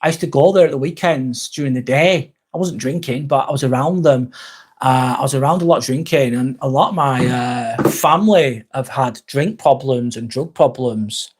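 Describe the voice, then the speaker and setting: A man's voice: mid-range voice, moderate pace, breathy edge. A middle-aged man with an English accent chatting candidly on a live stream, rambling and reading viewer comments aloud. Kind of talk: casual live-stream chat.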